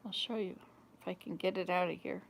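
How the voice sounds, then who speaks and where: A woman's voice: lowish voice, fairly even intonation, brisk, gravelly, slight background noise. A woman in her fifties hosting a vlog, telling rambling home stories to a small camera with frequent laughter. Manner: rambling, chatty storyteller who laughs often. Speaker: vlog host. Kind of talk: casual chat to camera.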